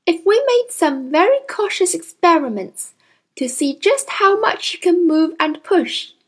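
Woman doing a gentle timid young teacher, soft and apologetic, slow, storybook voice. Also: extremely high pitch, big pitch swings, pitched above the performer's own voice, exaggerated voice.

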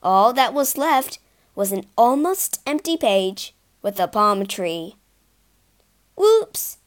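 A woman narrating a children's storybook in an expressive, sing-song read-aloud manner. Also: medium pitch, slow.

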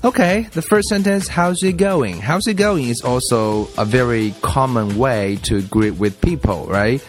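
A man teaching a lesson, explaining in a mix of Chinese and English and slowly repeating example phrases. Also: medium pitch, soft background music. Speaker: language teacher. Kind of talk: bilingual classroom explanation.

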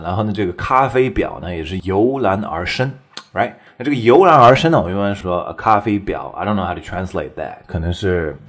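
His fairly low, a bit bright voice carries a casual English lesson full of explanation. He's chatty, always checking in with the listener by tagging "right?" and laughing along.

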